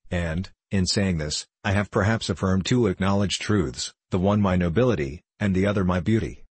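A man voicing a tearful, proud noble young lady in an audiobook reading, in a husky voice. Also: sits low, a little mellow, dry recording.

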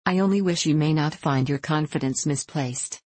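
A woman's voice: low voice, normal speed, slightly rough, no echo. Woman reading as a sly, plaintive young woman. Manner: soft, insinuating reading. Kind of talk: audiobook dialogue reading.

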